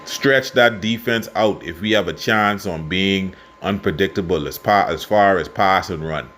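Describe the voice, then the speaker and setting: A Bahamian man giving casual football commentary and predictions, passionate and quick to get worked up. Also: low-pitched, a little hiss or hum. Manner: passionate, gets worked up and loud. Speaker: sports fan vlogger.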